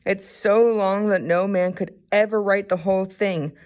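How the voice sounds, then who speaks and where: A woman voicing a wise old male poet in a storybook reading, calm and gentle. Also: mid-range voice, measured pace, clean tone, natural voice. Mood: kindly.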